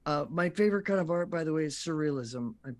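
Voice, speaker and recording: Lively talk show guest, male voice actor, slightly high voice, storyteller who acts out quotes. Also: fast talker.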